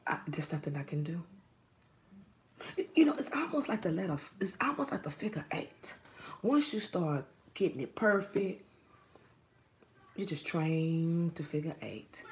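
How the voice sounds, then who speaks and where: A woman's voice: deep voice, vocal fry, slight background noise. A woman giving a spiritual reading straight to the listener, preachy and often dropping into a whisper. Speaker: psychic reader.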